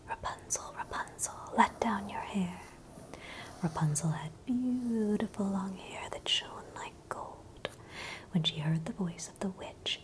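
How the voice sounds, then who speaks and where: A woman reads a classic fairy tale in a whispered role-play. The voice stays a slow, breathy, unvoiced whisper, pitched a bit low for a woman. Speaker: ASMR storyteller.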